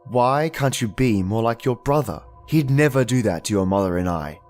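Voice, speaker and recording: A man voicing a cold, disappointed middle-aged father who berates his son in a dark story reading. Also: medium pitch, expressive, moderate pace, soft background music, natural voice. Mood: contemptuous. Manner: cold, cutting, listing insults.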